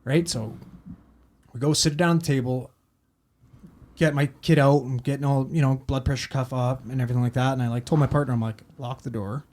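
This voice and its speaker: A man's voice: medium pitch, fairly even intonation, fairly quick, a little mellow. Guy swearing nonstop, rambling story, acting out what people said, podcast chat. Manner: profane and rambling, acting out quotes. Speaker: paramedic telling a story.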